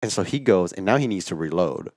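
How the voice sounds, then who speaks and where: A man co-hosting a podcast, telling a story in casual chat, animated and full of "like", acting out what people said. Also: deep voice, quick pace, dry recording, clean studio sound. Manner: animated storyteller, acts out quotes, says "like" a lot. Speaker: podcast co-host.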